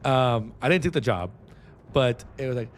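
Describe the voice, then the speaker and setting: A man's voice: medium pitch, moderate pace, soft background music. A man from San Antonio, chatting casually on a livestream in a rambling, restless way, swearing freely. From San Antonio, Texas. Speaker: streamer. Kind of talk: casual stream chat.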